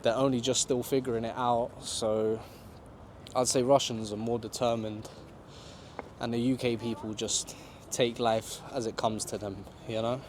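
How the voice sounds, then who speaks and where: A man answering interview questions outdoors in a relaxed, conversational way. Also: medium pitch, a little slow, slight background noise. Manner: laid-back, conversational, lots of "you know". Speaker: travel vlogger being interviewed. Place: outdoors in a city park.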